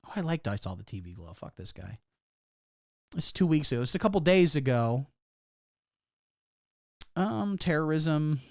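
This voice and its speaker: A man's voice: a little high, very animated, moderate pace, gravelly, long pauses, a little mellow, dry recording, clean studio sound. A man giving casual live-stream commentary, sarcastic and rambling, swearing freely. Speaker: livestreamer.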